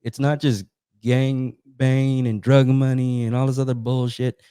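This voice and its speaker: A man's voice: mid-range voice, flat delivery, normal speed, warm tone, clean tone, no echo, clean studio sound. A man hosting a podcast, speaking earnestly in casual conversation. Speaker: podcast host. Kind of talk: casual chat.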